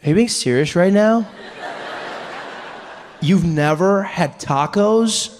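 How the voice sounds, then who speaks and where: Man playing a laid-back American dude, drawling, incredulous, high voice, hall reverb. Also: lively intonation, takes it slowly, darkish tone, a little hiss or hum. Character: laid-back young American guy, easily amazed.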